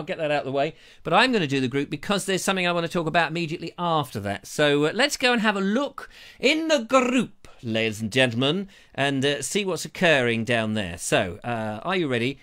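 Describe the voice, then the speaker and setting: A man's voice: fairly high pitch, pushed and bright. A British man hosting a live stream, chatting in a jokey, rambling way as he reads out viewer comments on a lavalier mic. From Britain. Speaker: host of a live show.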